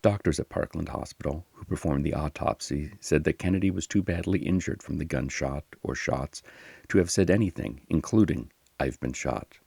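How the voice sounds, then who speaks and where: A man narrating a history podcast in a measured, solemn scripted style. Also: rumbling low, creaky, warm tone, breathy edge, no room sound.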